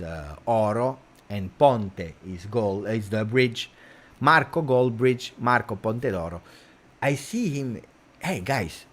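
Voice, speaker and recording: Italian man hosting a football livestream, lively pitch, chatty with fillers. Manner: animated, chatty, many fillers. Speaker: football channel host. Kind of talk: casual livestream chat.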